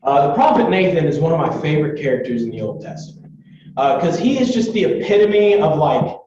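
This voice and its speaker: A young man giving a casual, chatty Bible lesson, retelling the story with lots of fillers and animated asides. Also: fairly high pitch. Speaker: Bible teacher. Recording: distant echoey lo-fi recording.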